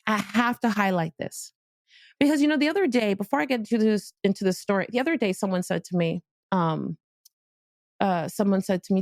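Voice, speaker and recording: A woman's voice: mid-range voice, a little fast, gravelly, a little mellow, dry recording, studio quality. A middle-aged woman from Miami hosting a podcast, giving a candid, playful motivational monologue with casual swearing. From Miami, Florida. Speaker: podcast host.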